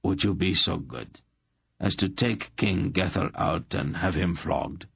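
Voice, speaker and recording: A man's voice: low voice, a little slow, creaky, slightly rough, exaggerated voice. A man doing a silky, menacing emperor. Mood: urbane. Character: urbane, cruel male emperor.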